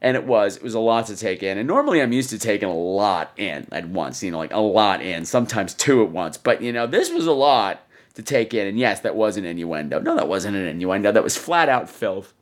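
A man hosting a podcast, telling a story in a theatrical, animated way, full of crude jokes and acted-out voices. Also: fairly quick. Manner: acts out quoted people in higher voices. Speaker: podcast host. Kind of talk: casual storytelling.

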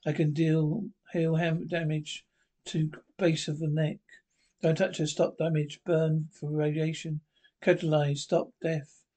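A man voicing a calm, solemn alien being made of light, speaking in clipped, broken phrases. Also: on the high side, unhurried. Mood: grave.

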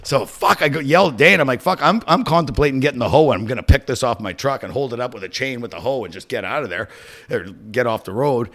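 A man's voice: medium pitch, quick pace, fairly bright tone. A middle-aged man hosting a podcast, telling a rambling, profane story in casual chat. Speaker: podcast host.

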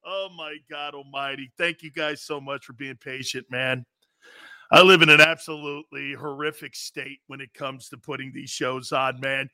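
A middle-aged man hosting a live sports talk stream, loud and excitable, reacting to the chat with exclamations. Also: mid-range voice, moderate pace, no echo. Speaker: sports talk show host.

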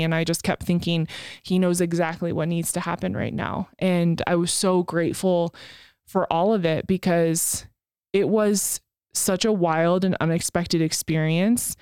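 Woman co-host telling her own story, candid and emotional, smooth lowish voice, dry close sound. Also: level tone, normal speed, a little mellow, no room sound. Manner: candid, frank and emotional, swears casually. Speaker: podcast co-host. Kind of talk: personal storytelling.

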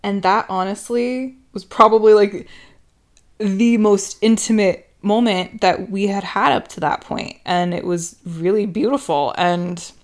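A woman's voice: mid-range voice, a little slow. A woman hosting a podcast, speaking in a heartfelt, open and emotional way about relationships. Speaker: podcast host. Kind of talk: candid relationship podcast talk.

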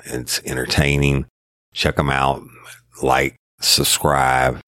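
A man's voice: rumbling low, fairly bright tone, no echo, clean studio sound. A man hosting a podcast in a drawling, folksy way. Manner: drawling, folksy, uses y'all. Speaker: podcast host. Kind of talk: casual podcast talk.

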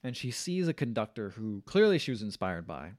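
A man's voice: fairly low pitch, big pitch swings, brisk, a little mellow. A man hosting a podcast, casually recapping a film's plot in a rambling way. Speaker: podcast host. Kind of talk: casual movie discussion.

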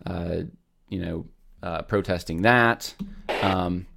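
A man's voice: low voice, takes it slowly, vocal fry, bright, forceful tone, a little hiss or hum. A man hosting a casual commentary show, earnest and rambling with many restarts.

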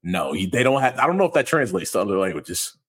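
A young adult man co-hosting a casual podcast, animated, laughing often and acting out the people he quotes. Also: fairly low pitch, fast talker, slightly rough. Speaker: podcast co-host. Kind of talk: casual chat.

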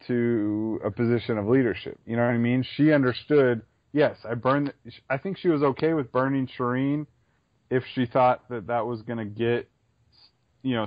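A man speaking at a middle pitch in casual podcast chat, eager and analytical as he works through his thoughts. The sound is dry and a little dull, as if from a modest lo-fi recording. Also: no echo. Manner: enthusiastic, analytical, repeats phrases. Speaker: podcast co-host.

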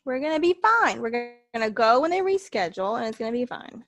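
Woman cohost, high lively voice, calm and reassuring, dry mic. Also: a little fast, no room sound, soft background music. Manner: calm, reassuring, brief replies. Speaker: podcast co-host. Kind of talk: casual chat.

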